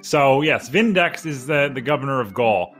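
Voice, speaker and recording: A man's voice: mid-range voice, animated, normal speed, a bit bright, faint music behind. Joking man telling history on a podcast. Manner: joking, rambling storyteller. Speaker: podcast co-host. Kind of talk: casual history podcast chat.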